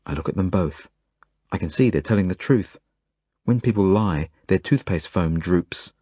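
A man reading his own novel aloud as a first-person audiobook, earnest and measured. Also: deep voice, expressive, slightly rough, dry recording, studio quality. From Australia. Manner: earnest, measured, gentle storytelling.

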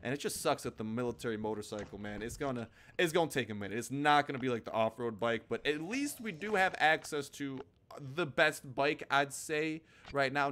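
A man's voice: medium pitch, animated, brisk, fairly bright tone, slight background noise. Goofy young man commenting on gameplay. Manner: goofy, chatty, talks to enemies. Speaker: gaming YouTuber.

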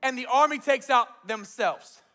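At a measured pace, a man with an extremely high-pitched voice delivers a sermon as pastor of a large church auditorium. He brings his stories to life by acting out quotes and laughs often.

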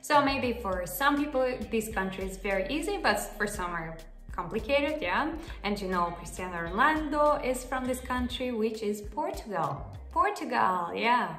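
A woman hosting a casual video language lesson, chatty and often checking in with the viewer with a quick "yeah?". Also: a little high, lively intonation. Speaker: language teacher and channel host. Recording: echoey room. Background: soft background music.

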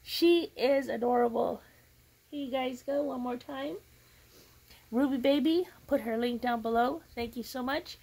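A woman's voice: sits high, unhurried, creaky, darkish tone, a little hiss or hum, rough recording. A woman vlogging as she opens a gift, talking emotionally and gushing, often tearful and laughing. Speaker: crafting vlogger. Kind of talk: unboxing vlog.

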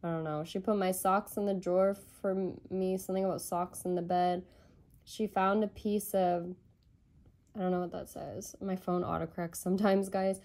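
A woman's voice: on the low side, little pitch movement, normal speed, a little mellow. A woman giving a channeled tarot reading, rambling and tentative as she thinks aloud. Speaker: tarot reader.

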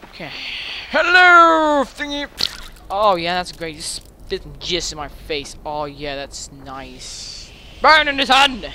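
A man playing through a game on a headset mic, his voice bright and jumping all over the place. He talks slowly between outbursts, then swears and shrieks at every scare. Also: on the high side, slight background noise. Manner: excitable, swearing, sudden yelps and shrieks. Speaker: let's play gamer. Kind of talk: gaming commentary. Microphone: gaming headset.

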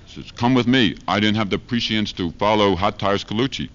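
In this 1970s live archive clip, a street preacher comedian spins a profane, rambling monologue with rhyming chants for a university lecture hall audience. His fairly low voice moves a bit fast with a fairly bright tone. The recording is dull and lo-fi, with a little hiss or hum.

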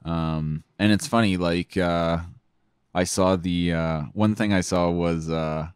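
A man's voice: low voice, fairly even intonation, takes it slowly, smooth, no echo, clean studio sound. A man co-hosting a podcast, chatting casually about politics, rambling with lots of fillers and restarts. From Canada. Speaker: podcast co-host.

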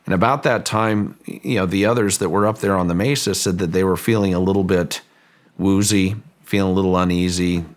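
A man's voice: low voice, fairly even intonation, a little fast. A man, a guest on an interview show, telling a long story with frequent restarts and fillers, raising his voice when he acts out quoted lines. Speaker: guest, ranch owner.

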